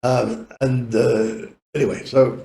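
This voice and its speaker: A man's voice: medium pitch, level tone, takes it slowly, gravelly, mellow, echoey room. A man in his eighties with a British accent, telling long rambling stories as a podcast guest, laughing often and swearing casually. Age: 80s. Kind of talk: rambling anecdotal storytelling.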